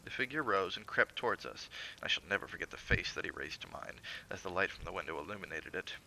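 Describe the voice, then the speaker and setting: Male reader, low gravelly voice with a bright edge, theatrical measured horror narration. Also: animated, a little hiss or hum, rough recording. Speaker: streamer reading aloud. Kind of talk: dramatic reading of a classic horror story.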